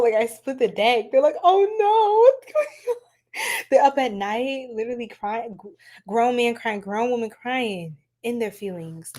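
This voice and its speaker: A young woman hosting a casual tarot-reading livestream, chatty and quick to laugh, talking straight to her chat. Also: fairly high pitch, darkish tone. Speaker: tarot reader, livestream host.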